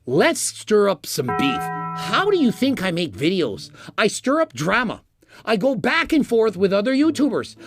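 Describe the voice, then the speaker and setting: A fitness YouTuber, a man, ranting defensively and insistently in a vlog. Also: high-pitched. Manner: animated, indignant, insistent.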